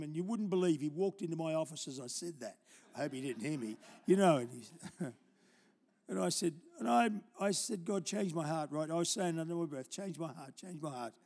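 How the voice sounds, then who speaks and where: An older man preaching a live church sermon, telling stories and moving between loud exhortation and quiet, tender asides. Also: on the high side. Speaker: pastor. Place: church auditorium.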